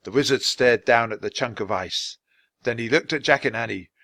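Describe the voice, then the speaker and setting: A man reading a children's storybook aloud, slowly and deliberately for English learners. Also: medium pitch, gravelly, sharp tone, no room sound. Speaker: storybook reader.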